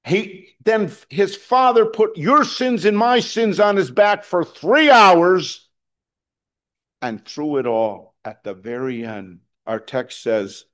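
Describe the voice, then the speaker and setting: Male pastor, middle-aged, slightly high voice; casual preaching style, restarts, swells to loud emphasis. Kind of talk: sermon.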